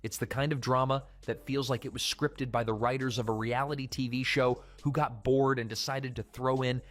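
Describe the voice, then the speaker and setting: A man's voice: medium pitch, steady tone, moderate pace, fairly bright tone. A man reading scripted commentary narration in a punchy, dramatic way.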